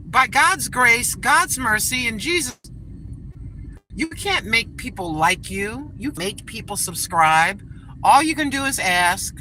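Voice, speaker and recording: A woman's voice: on the high side, expressive, slow pace, rough recording. An older woman chatting in a folksy way to her viewers while driving. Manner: chatty, folksy, religious, pleading for subscribers. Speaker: channel host. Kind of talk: casual vlog talk while driving. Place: inside a car on the road. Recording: loud road noise from a moving car.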